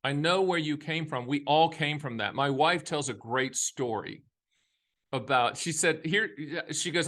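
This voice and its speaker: A man in his fifties, an annuity advisor hosting his own show, speaks at a moderate pace in a medium-pitched voice that sounds pushed and bright. His casual retirement-money monologue is folksy and emphatic, full of jokey asides and touched at times by a Southern US accent.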